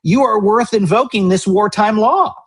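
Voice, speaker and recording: A man hosting a talk show, interviewing a guest with playful, deadpan questions. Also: high voice, normal speed, husky. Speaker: show host.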